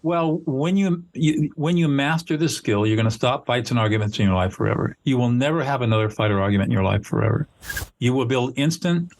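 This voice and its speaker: Older guy mediator explaining his technique, earnest and teacherly, middle pitch, bit of faint noise behind. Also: brisk, vocal fry, a little mellow. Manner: earnest, instructive, acts out example dialogue. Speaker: mediator and trainer, guest. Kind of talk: conversational explanation.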